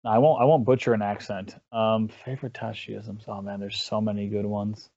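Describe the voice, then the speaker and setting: A man's voice: fairly low pitch, little pitch movement, creaky, a little mellow, no echo, dull audio. A man chatting casually as an interview guest, rambling and restarting his sentences. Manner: rambling, halting, with many restarts. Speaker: interview guest, esports caster. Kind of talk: casual chat.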